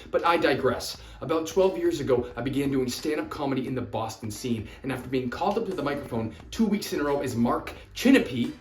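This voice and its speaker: A man in his thirties hosting a comedic vlog, animated and self-mocking with sudden bursts of emphasis. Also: a little high. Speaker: vlogger. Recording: roomy echo, faint music.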